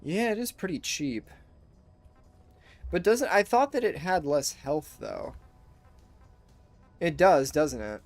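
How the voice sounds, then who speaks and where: A man's voice: fairly high pitch, very animated, takes it slowly, pauses often, soft background music. A man giving casual gameplay commentary, laid-back, swearing and saying bro. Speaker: gamer.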